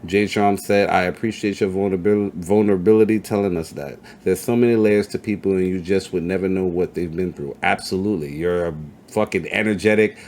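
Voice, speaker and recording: Low-voiced profane man hosting an interview. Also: steady tone, fairly quick, darkish tone. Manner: profane, hype, reads chat comments aloud. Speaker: podcast host. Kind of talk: casual interview chat. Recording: faint background noise.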